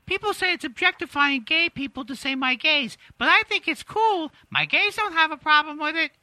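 A man's voice: extremely high pitch, normal speed, pushed and bright, no echo, full character voice. A man doing a comedic impression of a vain, self-absorbed female celebrity comedian, rambling in a mock-sincere way. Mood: smug. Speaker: comedian guest. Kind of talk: comedic impression in podcast banter.

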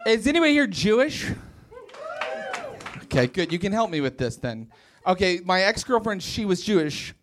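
A man's voice: sits high, sing-song, normal speed, noisy background. A young man from West Virginia doing a stand-up set in a comedy club, telling wry stories and acting out what people said. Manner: wry storytelling with acted-out quotes.

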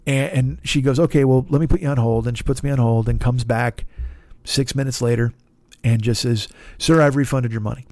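A man's voice: mid-range voice, steady tone, a little fast, a little mellow, no echo. A man hosting a podcast, telling a frustrating story in a casual monologue, swearing often and acting out both sides of the conversation. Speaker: podcast host.

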